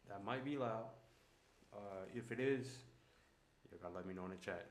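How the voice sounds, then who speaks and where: A man's voice: on the low side, moderate pace, pauses often. A man streaming live and talking casually to his chat in a laid-back, slangy way. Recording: echoey room with faint background noise.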